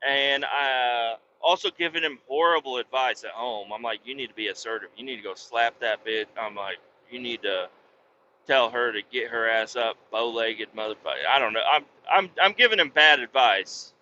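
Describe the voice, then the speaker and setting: A man co-hosting a podcast, telling a work story in a profane, animated, casual way. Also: normal speed, dull audio, slight background noise. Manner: profane, animated, puts on a sweet high voice for quoted niceness. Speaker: podcast co-host.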